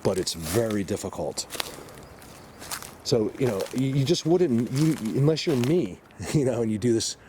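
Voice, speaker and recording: A man vlogging on a handheld camera outdoors in the woods, rambling excitedly and talking to his viewers. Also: mid-range voice, moderate pace. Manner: excitable, rambling, addresses viewers as you guys. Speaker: Bigfoot hunter vlogger. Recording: noisy outdoor camera audio. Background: birds and outdoor ambience.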